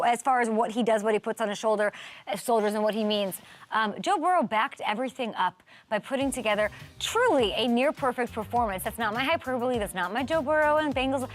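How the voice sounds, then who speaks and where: A woman hosting a sports talk show, animated and joking, riffing fast on the weekend's games. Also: a little high. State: out of breath. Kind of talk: energetic sports talk monologue.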